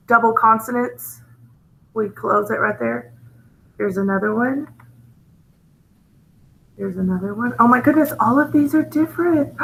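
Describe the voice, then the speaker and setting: Bright-voiced woman teaching phonics slowly. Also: a little high, gravelly, low-quality recording. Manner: slow, patient, gently enthusiastic explaining. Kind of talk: phonics lesson.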